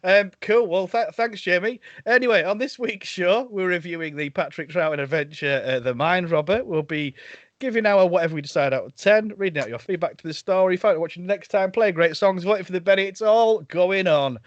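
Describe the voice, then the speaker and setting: A man's voice: sits high, a little fast, no echo. A man hosting a podcast over a video call, teasing his co-hosts in casual banter. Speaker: podcast host. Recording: dull dry video-call audio.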